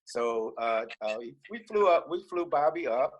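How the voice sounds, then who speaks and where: A man, a singer in a vocal group, telling a lively story on a video call. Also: a little high, a little slow, slight background noise, poor audio. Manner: animated, laughing storyteller.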